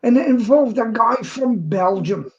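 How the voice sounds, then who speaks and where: Brief: woman panelist telling animated stories, playing every part, on muffled video call audio. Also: on the high side, measured pace. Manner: animated anecdote teller who acts out both sides of dialogue. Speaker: regular panelist on a live stream. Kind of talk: casual storytelling.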